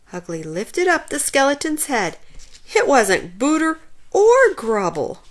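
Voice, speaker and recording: A woman reading a children's storybook aloud in an expressive, animated way. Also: sits high, slow pace.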